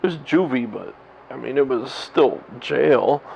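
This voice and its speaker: A man in his thirties tells a story straight to his camera at home in a candid vlog monologue, rambling, swearing and laughing at himself. His medium-pitched voice is animated, unhurried, creaky and darkish. The camera mic gives slightly dull lo-fi audio with faint hiss.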